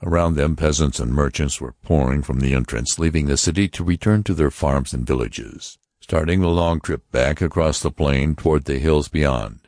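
A man narrating a science fiction audiobook in a steady, measured reading. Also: a bass voice, no room sound, clean studio sound.

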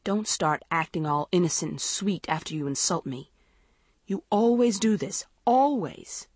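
A woman's voice: lowish voice, lively intonation, measured pace, a little mellow, husky, no room sound. Woman doing a bitter, snapping teenage girl. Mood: accusing. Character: angry accusing teenage girl swimmer.

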